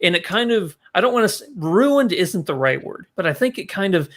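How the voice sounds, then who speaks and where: Man with a fairly high voice, hesitant. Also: very animated, fairly quick, a bit bright. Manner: hesitant, restarts, talks around spoilers. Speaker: podcast co-host. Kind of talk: casual chat, movie review.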